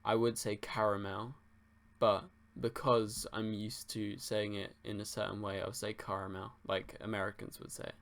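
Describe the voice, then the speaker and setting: A man's voice: fairly low pitch, little pitch movement, moderate pace, creaky, fairly bright tone. A young man from England, hosting a livestream and answering viewers' questions in a laid-back, rambling way, swearing casually. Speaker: livestream host.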